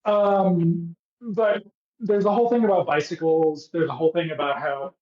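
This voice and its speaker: A man's voice: fairly high pitch, fairly even intonation, normal speed. A man co-hosting a podcast, recapping a show in casual comedic chat with sarcastic, profane riffing. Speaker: podcast co-host. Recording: echoey, dull lo-fi room sound.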